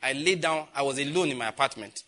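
A man in his fifties with a Nigerian accent, a pastor preaching and telling personal stories, growing loud and emphatic when he acts out conversations. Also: medium pitch, quick pace. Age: 50s. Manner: animated storytelling, grows loud and emphatic when acting out dialogue.

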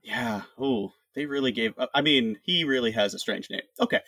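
A man who is a guest on a game podcast talks casually and reads summaries with a playful, theatrical touch. His voice is slightly husky and sits at an ordinary male pitch. The sound is dry and close. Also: normal speed, sharp tone, no room sound.

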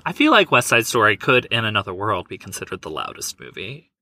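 A man co-hosting a podcast, chatting casually about film awards in a dry, teasing, measured way. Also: fairly low pitch, big pitch swings, sharp tone, dry recording. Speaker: podcast co-host.

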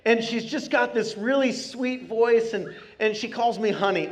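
A pastor preaches a sermon to his congregation in a church sanctuary, earnest and conversational, slowing down hard on key phrases. His voice is high-pitched.

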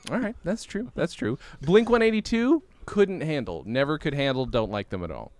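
A man's voice: fairly high pitch, sing-song, normal speed, a little mellow, no room sound. A man hosting a casual podcast chat, wry and teasing.

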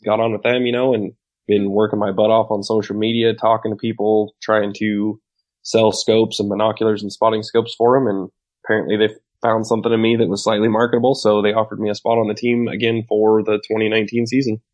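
Flat, low-voiced man, muffled sound. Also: a little fast. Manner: loud, outgoing, wisecracking. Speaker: podcast guest, competitive shooter. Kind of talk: casual storytelling.

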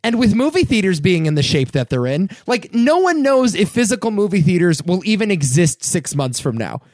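A young man hosting his own podcast, talking casually and getting worked up into animated rants about pop culture. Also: a little fast, no room sound, studio quality. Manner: animated, ranting, rising pitch when worked up. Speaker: podcast host. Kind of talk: casual solo podcast commentary.

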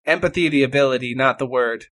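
A man's voice: mid-range voice, quick pace, fairly bright tone. A man playing a tabletop game with a joking, playful manner. His voice sits in a middle range for a man. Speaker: player. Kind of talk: casual tabletop game play.

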